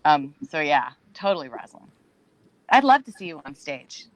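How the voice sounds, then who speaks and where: A woman's voice: sits low, very animated, moderate pace, rough recording. A woman actor on a festival panel, speaking enthusiastically and searching for her words. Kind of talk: panel discussion.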